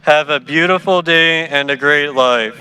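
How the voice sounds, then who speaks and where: A man's voice: fairly high pitch, unhurried, pushed and bright. A male student speaker reading an encouraging, poetic speech at an outdoor stadium.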